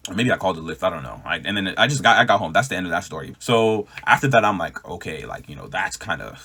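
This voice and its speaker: Fast-talking young man telling his story. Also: deep voice, lively intonation, pushed and bright, breathy edge. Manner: rambling, fast, filler-heavy; earnest, shaken retelling. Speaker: testimony speaker. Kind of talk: personal testimony, casual storytelling.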